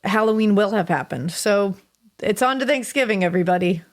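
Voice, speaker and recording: A woman's voice: medium pitch, a little fast. A woman co-hosting a podcast, chatting casually and reading a listener's story aloud with frequent laughs and casual swearing. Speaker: podcast co-host.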